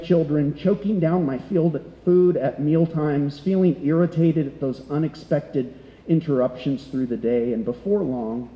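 A man's voice: medium pitch, mellow, lo-fi sound. A middle-aged man preaching a sermon as pastor, conversational and full of rhetorical questions. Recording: echoey hall.

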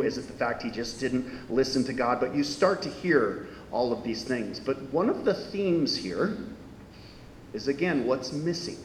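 A man preaching a sermon in a lively, conversational way, full of questions to his listeners. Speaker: pastor. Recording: echoey hall with faint rumble.

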